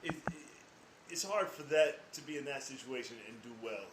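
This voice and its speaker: A man's voice: mid-range voice, lively intonation, normal speed, very noisy. A man in a casual podcast chat, hesitant and chuckling between words.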